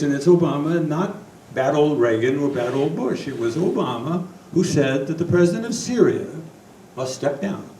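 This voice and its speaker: An older man giving a talk to a room of listeners, lively and rambling, with frequent restarts. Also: fairly high pitch. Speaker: radio host giving a talk. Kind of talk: public talk to a live audience. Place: meeting room with audience. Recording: echoey room from far off, faint noise.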